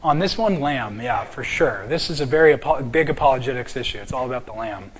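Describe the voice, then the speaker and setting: A man teaching an apologetics class from slides, joking and slowing down to stress key words. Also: medium pitch, lively intonation, dull audio.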